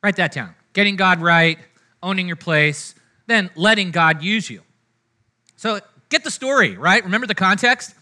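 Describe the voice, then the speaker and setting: A bright, piercing tone rides on this man's fairly high voice. He preaches a conversational sermon, tossing quick "right?" asides to the congregation. He moves between loud, animated lines and soft, hushed ones. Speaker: pastor.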